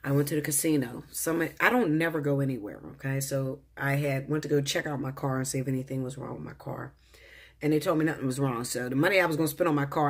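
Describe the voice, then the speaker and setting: A woman's voice: very deep voice, slightly rough. A woman talking as a tarot reader in a casual monologue, blunt and profane, speaking straight to the viewer. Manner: profane, blunt, animated, addresses viewer directly.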